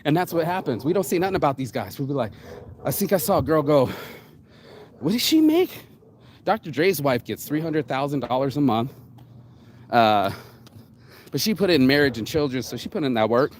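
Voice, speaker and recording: A man hosting his own show, ranting bluntly in a solo monologue, swearing often and jumping suddenly up and down in pitch. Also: lively intonation, brisk, slight background noise. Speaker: show host.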